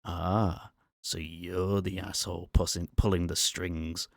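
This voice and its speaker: A man's voice: sits low, little pitch movement, takes it slowly, vocal fry, dry recording, clean studio sound, heavily acted. A man voicing a furious, foul-mouthed male mascot robot with a Scottish accent, snarling and menacing, in an ASMR story reading.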